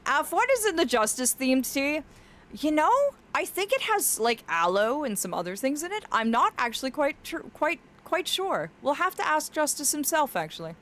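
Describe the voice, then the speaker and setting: A woman streams and chats casually and affectionately with her chat, reading messages aloud and laughing often. Her high, slightly bright voice is sing-song at a moderate pace and cracks now and then.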